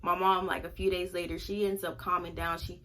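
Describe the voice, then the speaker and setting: A woman's voice: lowish voice, level tone, a little fast, a bit bright, a little hiss or hum. A young woman in a casual storytime vlog, talking candidly with lots of fillers. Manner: candid, conversational, many fillers. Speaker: vlogger.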